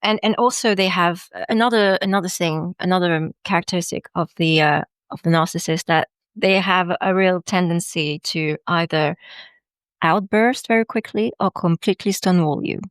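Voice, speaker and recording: Woman w french accent, lowish voice, lots of ums n restarts, dry sound. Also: moderate pace, smooth, dry recording. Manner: hesitant, many fillers and restarts. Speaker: life coach guest. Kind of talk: casual podcast chat.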